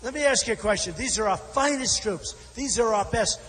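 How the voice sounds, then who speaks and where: A man's voice: sits high, fairly quick, a bit bright. A man giving a campaign rally speech, combative and repetitive, talking straight to the crowd. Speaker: political candidate. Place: large rally venues.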